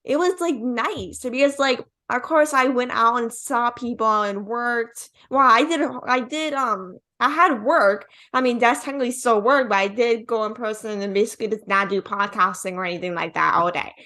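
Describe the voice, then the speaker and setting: A woman's voice: on the high side, normal speed, few pauses, pushed and bright. Chatty young woman podcast host. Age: young adult. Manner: chatty, says "like" constantly. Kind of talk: casual interview chat.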